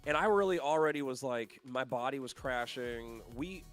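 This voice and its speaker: Excitable stuffy-nosed male podcast co-host. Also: mid-range voice, normal speed, faint music behind. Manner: excitable, animated storytelling. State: stuffy sinuses. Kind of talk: casual chat.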